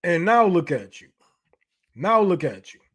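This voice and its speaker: A man's voice: high voice, very animated, measured pace, a bit bright, husky. A male host giving mocking commentary on a live stream, swearing freely and laughing as he ridicules a clip.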